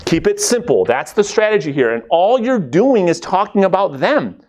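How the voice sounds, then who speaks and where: A man leading a live coaching session for real estate agents, energetic and conversational, checking in with the room and acting out quick bits of dialogue. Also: high voice. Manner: acts out quick quoted dialogue.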